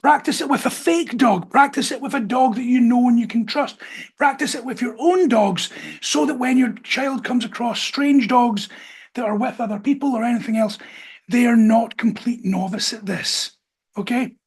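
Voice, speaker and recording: Male podcast host, husky, direct and firm, casual advice delivery. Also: extremely high pitch, moderate pace. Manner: direct, firm instructions with stretched-out emphasis. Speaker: podcast host, dog trainer.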